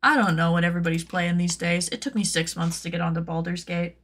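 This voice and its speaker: A woman who makes cosplay patterns, chatting casually on her stream, rambling with lots of "like" and playful jumps into high silly tones. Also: fairly even intonation, fast, a bit bright.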